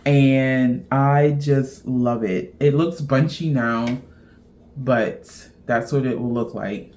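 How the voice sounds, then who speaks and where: A woman's voice: extremely low pitch, slow, mellow. Chatty woman rambling about knitting. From Central Texas. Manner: chatty, rambling, laughs at herself. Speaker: knitting podcast host. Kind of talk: casual knitting show-and-tell chat.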